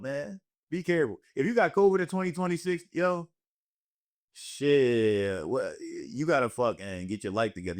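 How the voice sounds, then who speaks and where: A young man hosting a loose comedy podcast, his voice sitting mid-range. He tells stories in a profane, animated way and jumps into exaggerated voices for the people in them. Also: mid-range voice. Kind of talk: casual storytelling chat.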